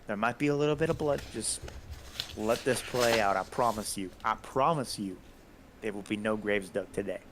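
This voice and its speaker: A man voicing a smooth human male sorcerer in a tabletop game, folksy and quietly threatening. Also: lowish voice, moderate pace, a little hiss or hum, close to an everyday voice. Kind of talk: tabletop game role-play.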